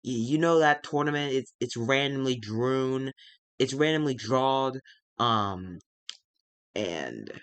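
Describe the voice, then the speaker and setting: A man's voice: medium pitch, animated, a bit bright, smooth. A man voicing a tired male wrestling show boss who stammers and hedges, casually narrating a game. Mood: apologetic. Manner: halting, stammering.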